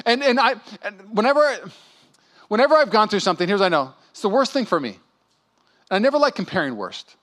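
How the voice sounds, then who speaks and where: A man in his thirties preaching a sermon as pastor, animated and acting out quoted voices. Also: high voice, brisk.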